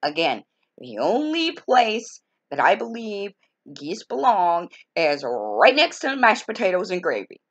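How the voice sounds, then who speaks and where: A woman's voice: fairly low pitch, dull audio. A woman telling a story from her own life in a casual, folksy, exasperated way, full of colorful expressions. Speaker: storytelling vlogger.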